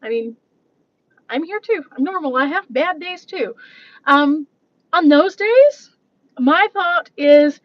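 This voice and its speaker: High-voiced woman chatting on a live stream. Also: lively intonation, slow pace, pauses often, no echo, muffled recording. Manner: rambling, laughs often, reads viewer comments aloud. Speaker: vlogger. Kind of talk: casual live-stream chat. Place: coffee shop.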